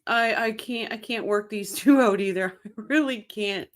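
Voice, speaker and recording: A mid-range woman's voice at normal speed comes from a casual livestream host in Ontario, Canada. While reading viewer chat, she speaks to people by name and laughs often.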